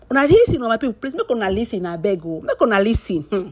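A woman with a Nigerian accent telling celebrity gossip as a vlogger, animated and pleading with her listeners. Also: on the high side, fast. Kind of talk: gossip storytelling in pidgin.

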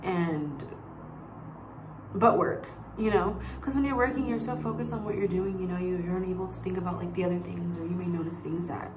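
A woman's voice: on the low side, brisk, echoey room, background noise. A woman vlogging at home in casual, rambling chat, with a lot of "like" between her words. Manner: rambling, chatty, heavy use of "like". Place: home bedroom.

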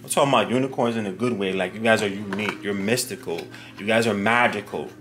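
A man giving a casual tarot card reading to his viewers, talking straight to them in a slangy, animated way. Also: on the low side, fast, background noise. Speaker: tarot reader.

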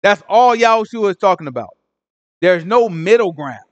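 Brief: male Bible teacher, fairly high voice, dry close sound, loose conversational delivery, keeps checking in with listeners. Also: expressive, moderate pace, no room sound, muffled recording. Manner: conversational, repeats "right?", acts out Pharisees in slang. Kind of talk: informal Bible study teaching.

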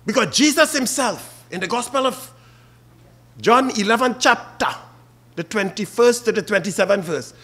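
Preaching at a funeral he is officiating, a Trinidadian-accented man addresses mourners by name. He speaks at a moderate pace in a high, expressive voice with a fairly bright tone.

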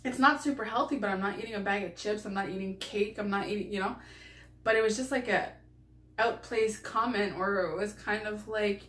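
A woman's voice: medium pitch, fairly quick, a bit bright. A young woman vlogger talking casually to camera, chatty and rambling with lots of fillers. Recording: echoey room.

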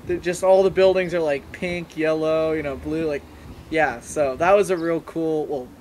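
Chatty young man, higher-pitched voice. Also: fairly even intonation, moderate pace, a little mellow, slight background noise. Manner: rambling, filler-heavy storytelling. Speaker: guest. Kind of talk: casual chat.

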